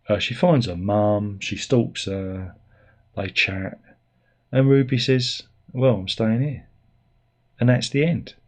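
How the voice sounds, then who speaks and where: A man's voice: mid-range voice, a little mellow. A middle-aged man giving a sarcastic, exasperated and rambling spoken review.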